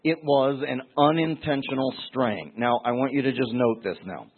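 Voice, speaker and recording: A man's voice: mid-range voice, normal speed. Emphatic male Bible teacher, tinny sound. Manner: emphatic, repeats words, acts out quoted voices. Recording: tinny phone-like recording.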